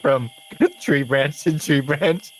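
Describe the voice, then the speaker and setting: A man narrating a tabletop game as game master, slow and descriptive with frequent laughs. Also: on the high side, soft background music, low-quality recording.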